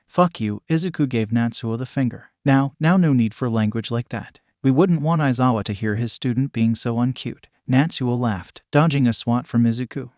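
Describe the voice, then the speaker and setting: A man reads a story aloud in an even, steady voice, keeping every character close to his own mid-pitched tone. The recording is dry and close, with no room sound. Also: moderate pace, few pauses, no room sound. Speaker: fan fiction narrator. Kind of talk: scripted narration.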